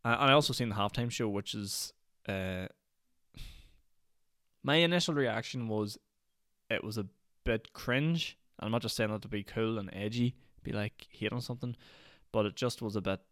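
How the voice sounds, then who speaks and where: A man's voice: on the low side, moderate pace, long pauses, fairly bright tone, no room sound, clean studio sound. A Northern Irish man hosting a solo podcast, rambling and ranty, with lots of "like" fillers. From Northern Ireland. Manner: rambling, ranty, heavy use of "like". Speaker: podcast host.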